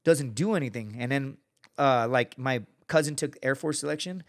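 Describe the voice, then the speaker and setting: A man tells stories as a guest on a podcast, in a loose and lively way. He swears often and puts on voices when he quotes people. His pitch sits in a mid range. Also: normal speed. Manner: animated storyteller, acts out quotes, swears often. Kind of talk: casual storytelling.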